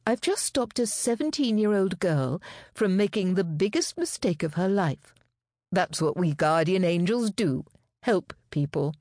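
A bold, cheerful lady detective, read by a woman in an audiobook. She talks briskly with cheerful sarcasm, the voice lifted above the reader's own low tone. The sound is close and dry. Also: expressive, darkish tone, no room sound.

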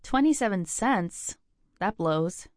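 A woman's voice: mid-range voice, lively intonation, takes it slowly, darkish tone, no room sound, studio quality. A woman reading the part of a playful young woman in her twenties, a teasing best friend who talks in an upbeat, sing-song way. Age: 20s.

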